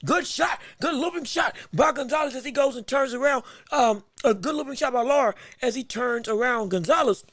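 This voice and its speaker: High-pitched excitable fight commentator. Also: male voice, a little fast, few pauses, dry recording. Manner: repeats himself, restarts phrases, eats and talks at once. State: has the hiccups. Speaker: podcast host giving live fight commentary. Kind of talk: excited blow-by-blow livestream commentary.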